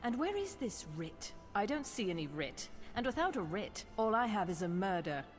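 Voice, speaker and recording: A woman's voice: medium pitch, very animated, normal speed, faint music behind, natural voice. A woman playing a stern, curt governor. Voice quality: authoritative, curt. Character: stern, no-nonsense female regional governor. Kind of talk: video game voice acting.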